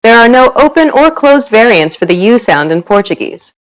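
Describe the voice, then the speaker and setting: A woman's voice: on the high side, very animated, moderate pace, rough recording. A woman giving scripted narration for a pronunciation lesson, upbeat and encouraging.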